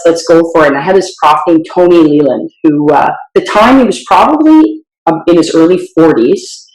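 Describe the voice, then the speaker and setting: A woman's voice: low-pitched, reverberant, rough recording. A woman in her forties, a strength coach and professor, telling stories in a podcast interview. She acts out the lines she quotes and laughs easily.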